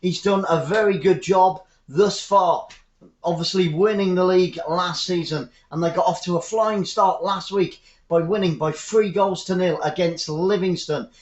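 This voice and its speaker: A man's voice: high voice, moderate pace. A man hosting a live fan football commentary stream, upbeat and chatty, greeting viewers by name. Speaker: football commentator and channel host. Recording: echoey room, dull lo-fi sound.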